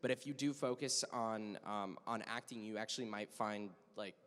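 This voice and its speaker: A man's voice: on the low side, moderate pace, a bit bright, clean tone. A young man chatting upbeat on a convention panel, laughing often. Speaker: voice actor panelist. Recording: long hall reverb.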